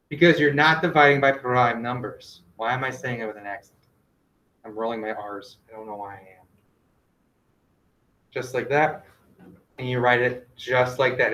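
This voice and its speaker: A male teacher giving a classroom math lesson, gently directing students and quizzing them with questions. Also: mid-range voice, muffled recording. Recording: echoey classroom.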